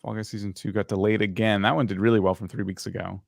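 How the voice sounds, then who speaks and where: A man's voice: lowish voice, little pitch movement, quick pace, creaky, no echo, clean studio sound. Frank casual male channel reviewer. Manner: casual, frank, thinking aloud. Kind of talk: live channel review chat.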